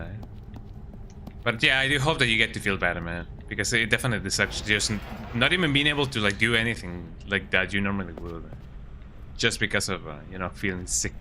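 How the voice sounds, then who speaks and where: Male game streamer, sick with a cold, easygoing chatter, very bright voice. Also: fairly low pitch, a little hiss or hum. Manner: laid-back chatter, tags lines with "eh?". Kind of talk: casual game commentary.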